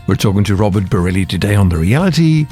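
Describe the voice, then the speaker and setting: A man hosting a talk show, reading a scripted introduction and interviewing a guest in a measured presenting voice. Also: fairly low pitch, expressive, dark tone, faint music behind.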